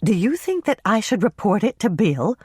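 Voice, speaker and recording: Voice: mid-range voice, sing-song, normal speed, darkish tone, slightly rough, no room sound, clean studio sound, pitched above the performer's own voice. An audiobook narrator voicing Dolores, a proud and bossy mother who talks in a grand, condescending way.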